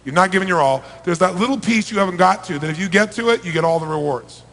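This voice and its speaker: A middle-aged man giving an emphatic motivational seminar talk to a large crowd, firing rhetorical questions at them and swinging between loud and soft. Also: sits high, expressive, fast. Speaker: motivational speaker. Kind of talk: live seminar talk to a big audience. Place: large event hall. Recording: reverberant large hall.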